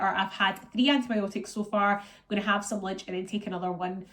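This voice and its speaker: A woman's voice: mid-range voice, fairly even intonation, brisk, background noise. A Scottish woman vlogging in a casual, rambling chat, sounding congested and run down from being ill. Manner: chatty, rambling, lots of fillers.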